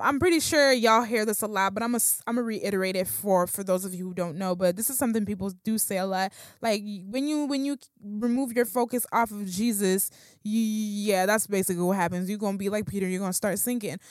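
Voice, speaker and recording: A woman's voice: mid-range voice, dry recording, clean studio sound. A woman giving a casual, conversational Bible talk, slangy and full of fillers and restarts. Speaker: Bible teacher.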